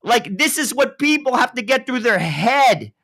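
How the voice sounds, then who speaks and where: A man's voice: big pitch swings, moderate pace, pushed and bright. A man talking politics on a talk show, blunt and emphatic, pressing his points hard. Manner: blunt and emphatic, swinging in pitch.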